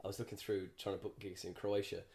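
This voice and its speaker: A man with a lowish voice talks quickly in loose podcast chat. He is a comedian guest who rambles, swears freely and stumbles over restarts. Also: little pitch movement, darkish tone. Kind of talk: casual chat.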